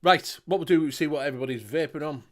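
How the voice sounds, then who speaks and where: A man's voice: a little high, quick pace, fairly bright tone. A man from the United Kingdom hosting a casual chat show, exasperated and swearing a lot. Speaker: host.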